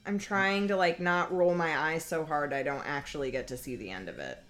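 Bright-voiced woman, blunt sarcastic movie commentary. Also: deep voice, expressive, normal speed. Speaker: podcast guest.

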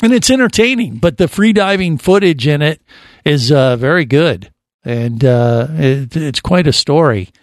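Male radio host, a touch high-pitched, loose jokey banter, dead-dry studio sound. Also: lively intonation, measured pace, dry recording. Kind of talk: casual studio chat.

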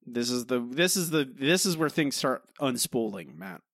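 A man co-hosts a podcast, picking apart an episode in loose, rambling chat packed with fillers and restarts. His medium-pitched voice is very animated and fairly bright, moving at a moderate pace. The sound is clean studio audio with no echo.

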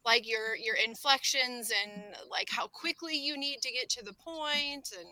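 A woman co-hosting a casual chat, talking in quick, chatty asides. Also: fairly high pitch, bright, forceful tone, rough recording.

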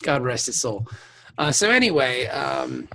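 A man co-hosting a casual recap chat, profane and quick to act out characters in mock voices. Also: mid-range voice, big pitch swings, vocal fry, pushed and bright, slight background noise. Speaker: podcast co-host.

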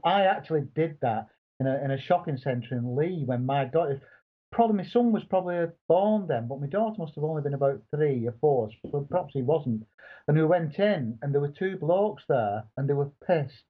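A man's voice: on the high side, lively intonation, brisk, husky, phone-quality sound. A middle-aged man, co-hosting a podcast and telling stories bluntly with British slang. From England. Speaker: podcast co-host. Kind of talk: casual chat.

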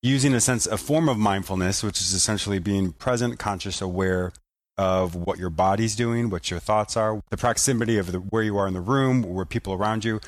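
A man hosting a conversation, explaining ideas in a measured, reflective way. His voice sits somewhat low. It sounds dry and close, with little room around it. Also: dry recording. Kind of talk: conversational interview.

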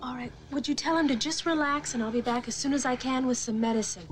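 A woman's voice: sits high, fast, a little hiss or hum, natural voice. An actress playing a polite young female flight attendant in a film clip played back from a distance.

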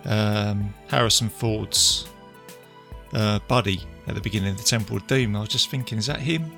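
Male co-host, bright and gravelly, eager and chatty. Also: fairly low pitch, normal speed, faint music behind. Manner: enthusiastic, lots of agreeing and laughing. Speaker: podcast co-host. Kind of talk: casual film chat.

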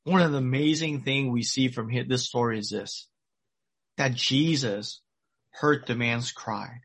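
A man's voice: mid-range voice, measured pace, a bit bright, slightly rough. A middle-aged man preaching a sermon, retelling a story earnestly and repeating his key points. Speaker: pastor.

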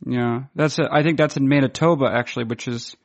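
A man's voice: medium pitch, fairly even intonation, brisk. A man hosting a podcast, chatting casually in a dry, mock-formal way. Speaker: podcast host. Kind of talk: casual podcast chat and read sponsor ad.

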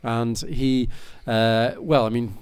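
A man's voice: medium pitch, fairly even intonation, slow pace, a little mellow, clear, resonant tone. A man hosting a podcast, talking in a rambling, enthusiastic way with many fillers and restarts. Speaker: podcast host. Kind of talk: casual chat.

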